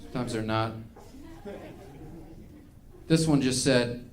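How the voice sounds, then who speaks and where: Male stand-up comic, slightly high voice, mock-angry ranting on stage. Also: normal speed, background noise. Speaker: stand-up comedian. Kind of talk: stand-up comedy set.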